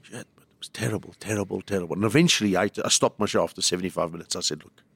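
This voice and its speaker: A middle-aged man with a South African accent and a low, gravelly voice, telling stories on a chat show. He rambles from one anecdote to the next and acts out the people he quotes. The sound is dry and close. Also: racing, fairly bright tone, dry recording. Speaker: comedian, guest. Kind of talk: casual storytelling.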